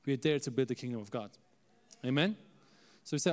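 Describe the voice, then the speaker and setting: A male preacher telling a story in an animated sermon, calling out to the audience for amens. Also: medium pitch, fairly quick. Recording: echoey hall.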